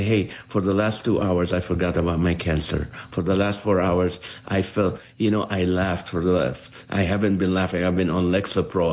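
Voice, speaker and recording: A middle-aged man from the Middle East, a comedian telling his story in an interview and acting out the voices he quotes. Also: low voice. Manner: animated, acts out quoted voices. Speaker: comedian guest.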